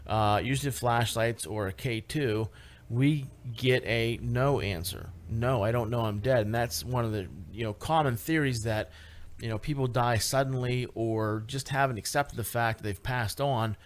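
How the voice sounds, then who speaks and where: A man guest on a radio talk show, telling a paranormal investigation story in a casual, animated way with many fillers and restarts. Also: mid-range voice, normal speed. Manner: animated, lots of fillers and restarts, rising excitement.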